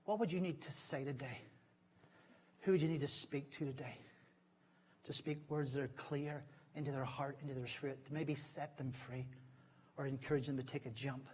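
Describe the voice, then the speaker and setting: A middle-aged man preaching as a guest speaker in a church, heartfelt, moving between loud stories and hushed moments. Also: mid-range voice, steady tone, normal speed, slightly rough. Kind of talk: sermon. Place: church sanctuary.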